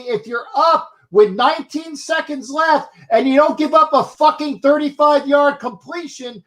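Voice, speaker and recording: A man's voice: very high voice, fairly bright tone. A man hosting a casual sports talk show, arguing his point and swearing for emphasis. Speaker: podcast host.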